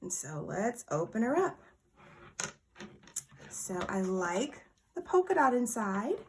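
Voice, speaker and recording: A woman's voice: a little high, takes it slowly, slight background noise. Bubbly woman with a raised voice. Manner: bubbly and excitable, gushes over small surprises. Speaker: planner vlogger. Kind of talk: casual unboxing chat.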